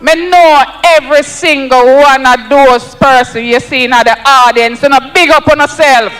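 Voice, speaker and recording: A man's voice: very high voice, fairly even intonation, moderate pace, fairly bright tone, big-room sound, low-quality recording. A Jamaican man giving an emphatic, rousing campaign speech at an outdoor rally, repeating lines for effect. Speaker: political speaker at a rally.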